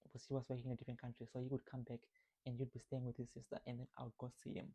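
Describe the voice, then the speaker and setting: A man speaks straight to his viewers, reflective and conversational as he tells a personal story. His voice is husky and gravelly, with a dark, mellow tone. His pitch stays flat and even throughout. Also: rapid-fire, poor audio. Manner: reflective, conversational, asks "right?" often. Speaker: vlogger. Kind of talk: personal storytelling about grief.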